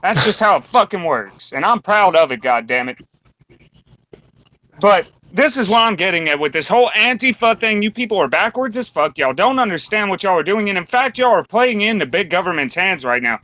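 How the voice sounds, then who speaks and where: A man's voice: sits high, expressive, brisk, sharp tone, no room sound, low-quality recording. A man hosting a podcast round table, delivering a blunt, combative rant full of swearing. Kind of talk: profane opinion rant.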